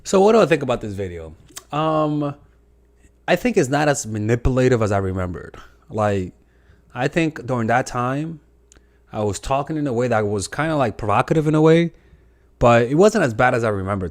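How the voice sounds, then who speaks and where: A man casually reacting to his own earlier advice, candid and relaxed, with fillers. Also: medium pitch. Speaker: dating coach.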